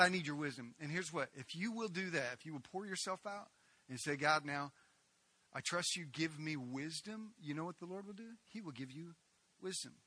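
A middle-aged male pastor delivers an impassioned sermon with a very bright, ringing tone and a slightly raised pitch. He swings from loud, emphatic declarations to hushed, personal storytelling, stumbling and restarting as he goes. The recording is dry and close, with no room sound. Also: no echo. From United States. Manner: impassioned preaching, swinging between loud proclaiming and quiet storytelling; animated storyteller with many restarts and stammers.

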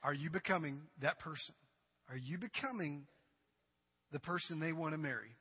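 A male pastor preaching a sermon to his congregation, dramatic and humorous, swinging from loud cries to quiet asides. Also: a little high, normal speed, husky. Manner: humorous, addresses the congregation directly. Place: church sanctuary. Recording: dull recording with long hall reverb.

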